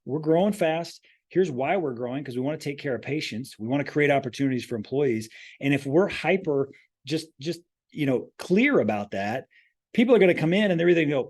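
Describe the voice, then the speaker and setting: Animated and fast, the president's medium-pitched voice carries a darkish tone. Speaking as a guest in a podcast interview, he is emphatic and earnest, frequently restarting what he says.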